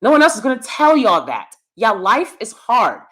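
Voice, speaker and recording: A middle-aged woman hosts her own YouTube commentary channel, lecturing bluntly to the camera in a casual monologue. Her voice has huge pitch swings, a moderate pace, and a fairly bright tone, jumping between low asides and emphatic bursts.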